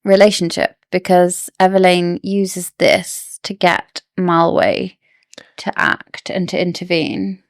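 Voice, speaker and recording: Brief: female podcast co-host, lowish gravelly voice, dry close sound, speculative chat. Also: flat delivery, takes it slowly, dry recording. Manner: speculates and asks questions about the plot. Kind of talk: casual book discussion.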